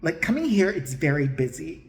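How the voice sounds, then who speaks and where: A man doing a mocking impression of a soft-spoken, prim and smug young male psychic. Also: a little high, sing-song, normal speed. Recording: roomy echo.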